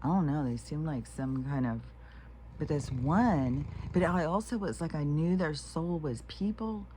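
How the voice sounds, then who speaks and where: A woman's voice: low voice, moderate pace, mellow, slight background noise. A woman talking to camera in a meandering, frank monologue, swearing freely and often restarting her sentences. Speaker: vlogger. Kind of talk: rambling casual monologue.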